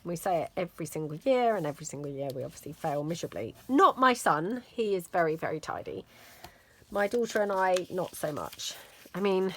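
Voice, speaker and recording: Middle-aged woman, crafting vlogger, low-ish voice, meandering chatty delivery. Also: fairly bright tone. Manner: rambling and self-deprecating, lots of fillers. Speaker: crafting channel host. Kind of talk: casual chatty vlog.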